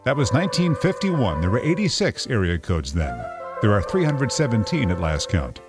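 A man in his fifties anchors a radio news roundup, his pitch sitting in the middle and moving a lot as he reads. His delivery is brisk and a bit wry. A music bed plays under him. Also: sing-song. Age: 50s. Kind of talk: scripted radio news reading.

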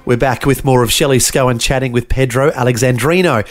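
A man's voice: medium pitch, fairly quick. A man hosting a radio show, reading scripted links in a polished announcer style. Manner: polished, expressive announcer delivery. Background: music.

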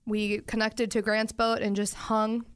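Young woman, smooth clear voice, super dry close sound, rambling casual podcast chat full of likes and ums. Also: mid-range voice, flat delivery, unhurried, no room sound. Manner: chatty storyteller, lots of "like" and "um"; talks with her mouth full at times. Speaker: podcast co-host.

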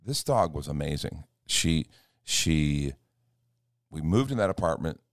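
A man, a pastor, chatting in an earnest, animated way and acting out little quotes as he tells stories. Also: extremely low pitch, a little slow, no room sound, studio quality. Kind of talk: casual chat. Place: church.

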